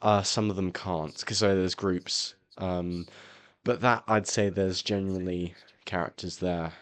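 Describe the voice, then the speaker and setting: A young man co-hosting a podcast in a rambling, animated comedic chat, often slipping into impressions. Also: sits low, measured pace. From England. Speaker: podcast co-host.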